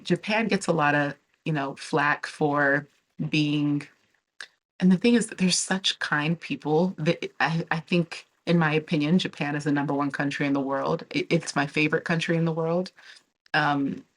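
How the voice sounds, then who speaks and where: A woman's voice: low voice, fairly even intonation, moderate pace. A young woman vlogger talking candidly to camera in a casual, chatty way, with fillers and restarts. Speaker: travel and relocation vlogger.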